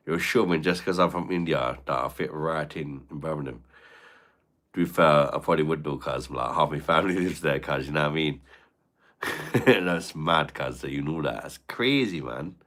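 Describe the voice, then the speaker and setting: A man's voice: a bass voice, a bit bright. A man, chatting live to his viewers in crude, slang-heavy joking banter full of swearing. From Britain. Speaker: live streamer reading chat. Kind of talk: casual live-stream chat.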